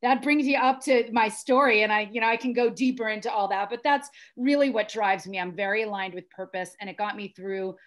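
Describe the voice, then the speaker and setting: A woman's voice: medium pitch, steady tone, brisk, few pauses. A middle-aged American woman telling her personal story as a podcast guest, earnest and intense. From United States. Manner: earnest and intense, with frequent restarts.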